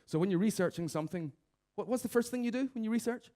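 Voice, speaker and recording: Lively man giving a comic keynote. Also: high-pitched, fast talker. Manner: lively, mimics office characters in raised voices. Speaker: conference speaker. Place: conference stage.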